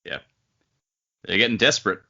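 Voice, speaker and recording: Podcast cohost guy, deep voice, dry quips, kinda muffled audio. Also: normal speed, creaky, pushed and bright. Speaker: podcast co-host. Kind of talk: casual chat.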